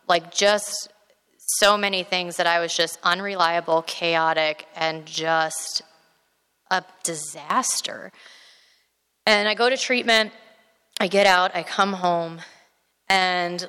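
A woman tells her recovery story in a bright, clear, somewhat low voice. She is candid and rambling, with lots of filler words. The sound carries a long reverb, as in a hall. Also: steady tone, slow. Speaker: recovery speaker and addiction therapist.

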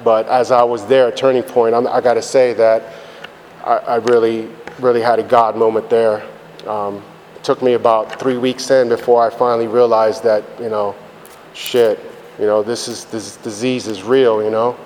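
A man's voice: medium pitch, flat delivery, moderate pace, a little mellow. Profane man telling his recovery story. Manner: blunt and profane, rambling with many fillers. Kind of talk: candid personal testimony. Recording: reverberant hall with faint background noise.

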